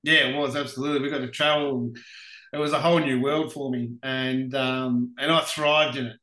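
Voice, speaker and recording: An Australian man, a racing driver and podcast guest, telling lively anecdotes with frequent laughs. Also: mid-range voice, moderate pace. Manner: animated anecdotes, laughs often. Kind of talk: casual storytelling interview. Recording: roomy echoey room.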